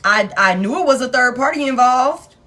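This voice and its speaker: A woman's voice: sits high, animated, normal speed, sharp tone. Laughing, profane woman tarot reader. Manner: laughing, profane, playfully acts out quoted people. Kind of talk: casual tarot reading to viewers.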